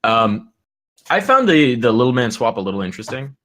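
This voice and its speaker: A man's voice: medium pitch, sing-song, fairly quick, pushed and bright. A man co-hosting a gaming podcast in casual chat, loose and rambling, often trailing off and restarting. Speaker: podcast co-host.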